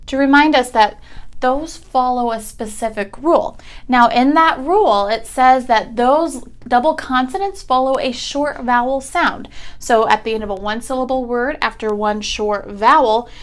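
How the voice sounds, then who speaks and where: Young woman teacher doing a kids phonics lesson, kinda high voice, slow and patient, sounds out every word. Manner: patient, slow, clearly enunciated instruction. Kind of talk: remote phonics lesson for children.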